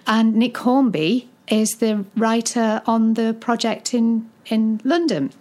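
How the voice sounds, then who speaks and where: A woman's voice: on the high side, steady tone, slow, darkish tone. A woman, founder of a children's charity, talking eagerly in an interview with frequent ums and restarts. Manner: enthusiastic, hesitant with many fillers and restarts. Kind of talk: conversational interview.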